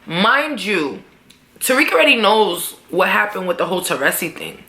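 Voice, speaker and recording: A woman's voice: mid-range voice, big pitch swings, normal speed, pushed and bright. A young woman casually recapping a TV episode, slangy and swearing, talking back at the characters. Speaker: vlogger reviewing a TV episode. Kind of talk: casual recap with acted quotes. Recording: echoey room.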